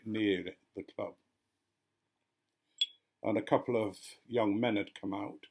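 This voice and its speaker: Older man with a gravelly voice. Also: on the low side. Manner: gently amused, acting out quoted voices. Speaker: retired vicar telling stories. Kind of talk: casual storytelling.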